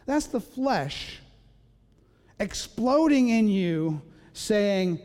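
Casting note: high-pitched male pastor, playful storyteller who acts out voices, long church echo. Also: lively intonation, a little slow, darkish tone. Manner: storytelling, acts out voices, self-mocking humor. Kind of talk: sermon. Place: church sanctuary. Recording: long reverb of a large hall.

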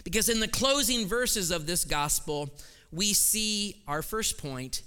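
A man, a pastor, preaching a sermon with scripture reading and prayer, building to loud, emphatic repeated phrases in a church. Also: high voice, animated, takes it slowly, clear, resonant tone. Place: church sanctuary. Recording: long reverb of a large hall.

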